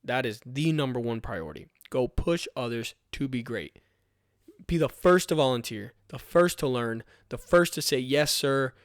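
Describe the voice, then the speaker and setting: A man's voice: mid-range voice, expressive, moderate pace, no room sound, clean studio sound. Earnest young man with a pep talk. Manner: earnest, emphatic, repeating rallying commands. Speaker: fire recruit podcast host. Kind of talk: motivational podcast monologue.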